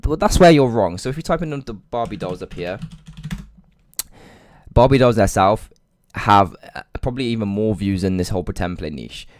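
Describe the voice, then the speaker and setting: A man's voice: on the low side, expressive, moderate pace, slight background noise. A young man walking viewers through a screen-share tutorial in a chatty, hyped way, often saying "guys" and "right?". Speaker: online money-making tutor. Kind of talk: casual screen-share walkthrough.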